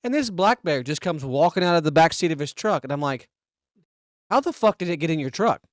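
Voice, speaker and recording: A man's voice: fairly high pitch, brisk, no room sound, studio quality. Foul-mouthed storytelling man. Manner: swears a lot, tells animated stories with acted-out quotes. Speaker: podcast co-host. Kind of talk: crude casual chat.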